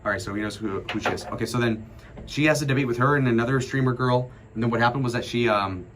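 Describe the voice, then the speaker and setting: On a casual livestream, a streamer in his twenties rambles through a long, profane story, retelling it with animation. His voice is mid-range and fast, with background noise present.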